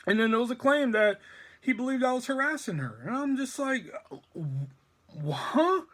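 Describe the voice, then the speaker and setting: A man's voice: very high voice, animated, a little fast, a bit bright. A man telling a rambling, profanity-filled story about his old workplace in a casual vlog. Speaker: storytime vlogger.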